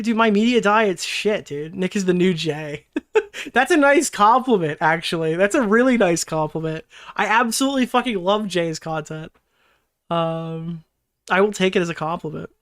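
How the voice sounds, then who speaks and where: High-pitched and slightly bright, a young male streamer runs a laid-back livestream with commentary. He wanders from topic to topic, swears as he replies to his chat, laughs frequently and drifts into mocking imitations.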